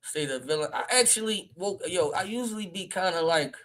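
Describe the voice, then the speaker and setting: A man's voice: sits high, a little fast, rough recording. Brash trash-talking Philly man. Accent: Philadelphia. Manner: brash, loud, trash-talking, laughs often. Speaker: livestream host. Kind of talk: casual livestream rant.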